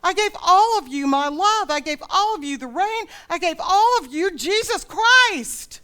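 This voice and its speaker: A woman's voice: very high voice, animated, unhurried, bright, forceful tone, pitched above the performer's own voice, heavily acted. A woman preaching in the voice of God as a loving heavenly father who pleads earnestly with his people. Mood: pleading. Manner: impassioned, imploring.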